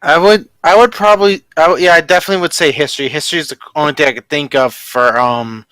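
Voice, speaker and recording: A man chatting his way through a tabletop game, rambling as he works things out aloud. His voice is bright and smooth, a little higher than most, with a dry close sound. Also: steady tone, quick pace, no echo. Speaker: player. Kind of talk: casual tabletop play.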